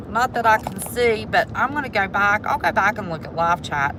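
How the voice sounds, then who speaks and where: Slow-talking West Virginian woman. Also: mid-range voice, noisy background. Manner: chatty, folksy, addresses viewers as y'all. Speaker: vlogger. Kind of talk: casual livestream commentary. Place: inside a car driving mountain roads. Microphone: handheld phone while driving.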